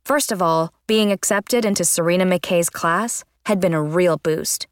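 Brief: woman audiobook narrator, first-person storybook reading, expressive, dry close sound. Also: fairly low pitch, normal speed, smooth, no echo. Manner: lively, expressive reading with character voices.

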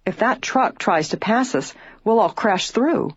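A woman's voice: sits low, animated, a little fast, breathy edge, dry recording, highs cut off. A woman voicing a blunt, grumbling tomboyish teenage girl.

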